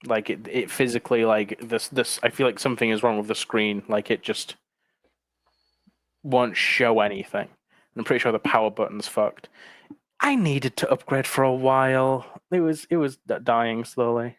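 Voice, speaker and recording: Male co-host, chatty and self-deprecating, relaxed chat, dry mic. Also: mid-range voice, moderate pace, no room sound. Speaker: co-host of a fan livestream. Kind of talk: casual livestream chat.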